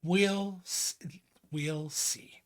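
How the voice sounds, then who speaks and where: A man's voice: fairly high pitch, extremely slow. A man co-hosting a podcast, chatting casually, telling stories and acting out quotes with laughs. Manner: animated storyteller, acts out quotes; laughs often. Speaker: podcast co-host. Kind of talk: casual chat.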